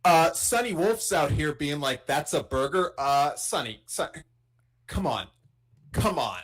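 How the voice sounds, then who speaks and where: A man co-hosting a casual live podcast, relaxed and chatty. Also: on the high side, takes it slowly. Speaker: podcast co-host. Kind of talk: casual chat.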